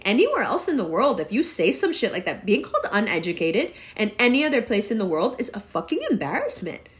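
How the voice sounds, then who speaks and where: A woman in her forties delivers a profane, exasperated ranting monologue scolding her listeners. Her voice is medium in pitch with a fairly bright tone.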